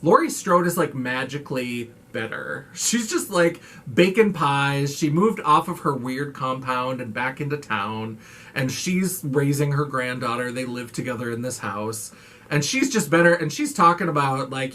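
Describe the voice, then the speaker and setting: A man recapping a horror movie in a casual, animated way, swearing freely and acting out lines from the film. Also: mid-range voice, normal speed.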